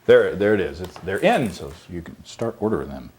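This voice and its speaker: A man's voice: low voice, big pitch swings, a little fast, darkish tone. A man co-hosting a homebrewing show, chatting casually and joking a lot. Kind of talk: casual chat.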